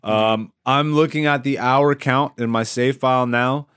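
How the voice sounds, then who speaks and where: A man hosting a casual comedy podcast, joking and quick to laugh. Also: medium pitch, steady tone, fairly bright tone, smooth, dry recording, clean studio sound. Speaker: podcast host. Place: studio.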